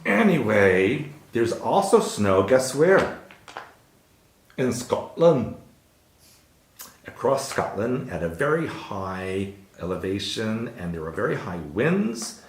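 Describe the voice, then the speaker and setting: Man, chatty news host, lively pitch, echoey room. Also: slow pace, slight background noise. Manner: chatty, jokey asides. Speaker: show host. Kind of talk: casual news chat.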